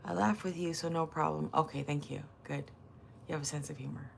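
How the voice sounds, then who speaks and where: A woman's voice: sits low, fairly even intonation, brisk, vocal fry, slight background noise. An older woman chatting casually on a livestream, reading viewers' messages aloud and teasing them with crude, swearing humor and frequent laughter.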